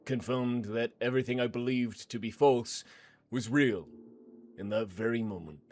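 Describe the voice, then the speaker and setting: A man voicing a large, cold-blooded man who speaks in a flat, measured, unrepentant way. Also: medium pitch, slight background noise, lightly acted. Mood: cold, calm.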